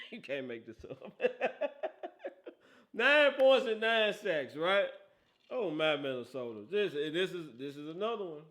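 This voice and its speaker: A man's voice: a little high, big pitch swings, normal speed, a bit bright. A man hosting a casual football talk show, teasing and laughing often, with a habit of asking "right?". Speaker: host.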